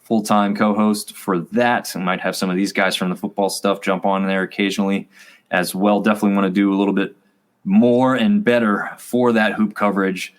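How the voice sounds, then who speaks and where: A man's voice: on the low side, little pitch movement, a little fast. A man co-hosting a college sports review show, chatting casually and rambling with fillers. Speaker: co-host.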